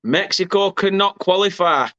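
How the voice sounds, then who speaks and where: An English man hosting a live football watchalong, calling the action in an excitable way and correcting himself as he goes. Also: sits high, normal speed, no echo, lo-fi sound. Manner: excitable, self-correcting, erupts at goals. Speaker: watchalong host. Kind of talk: live match commentary.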